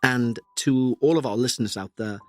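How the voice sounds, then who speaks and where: A Scouse man hosts a paranormal podcast, reading a listener's account and then talking it over in an earnest, measured tone at an ordinary pitch. His throat is still a little sore. Faint music plays underneath. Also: no room sound. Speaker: podcast host.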